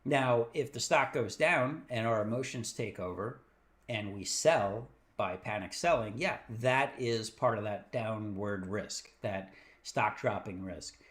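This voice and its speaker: A man's voice: fairly low pitch, unhurried, a bit bright. A man hosting a trading livestream, talking casually and enthusiastically, often stumbling over his words as he rambles on. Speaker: host of a stock trading show.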